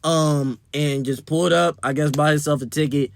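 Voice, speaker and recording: A man's voice: a little high, fairly even intonation, normal speed, creaky. A young man telling a wild party story in a casual, slangy and profane way. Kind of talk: storytime vlog.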